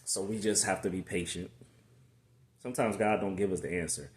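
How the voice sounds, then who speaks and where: A man giving a casual, preachy motivational faith talk to his channel in a relaxed conversational way with slangy asides. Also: low-pitched, brisk. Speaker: faith vlogger. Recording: echoey room.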